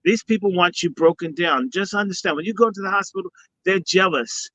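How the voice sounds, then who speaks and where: A man appears as a guest on a live stream, where he is a guest speaker and summit organizer, blending preachy blessings with profanity in casual talk. His high voice is fairly quick, pushed, and bright. The video-call audio is dry, dull, and lo-fi.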